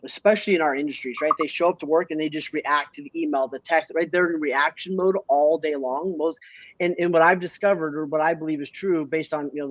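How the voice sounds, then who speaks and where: In casual interview talk, a man from Canada who works as a business coach speaks with plenty of energy, restarting often and capping his points with "right?". His voice runs on the high side, and the recording is muffled but free of echo.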